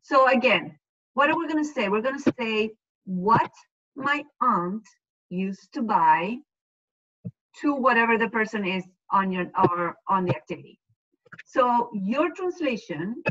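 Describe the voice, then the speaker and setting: A Spanish-speaking woman teaching an online class, explaining slowly and patiently and checking often that students follow. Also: mid-range voice, a bit bright. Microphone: video call. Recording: dull lo-fi video call audio.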